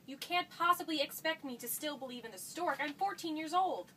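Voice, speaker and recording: A woman's voice: sits high, brisk, sharp tone. A woman playing a curious fourteen-year-old girl. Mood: eager. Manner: eager, insistent, pleading. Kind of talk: stage play acting. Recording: distant mic with faint noise.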